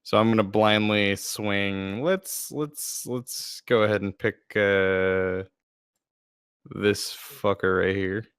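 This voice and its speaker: A man's voice: on the low side, fairly even intonation, slow, a bit bright, clean tone, no echo, clean studio sound. A man playing in a tabletop game over a voice call, laid-back and swearing casually. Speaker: player.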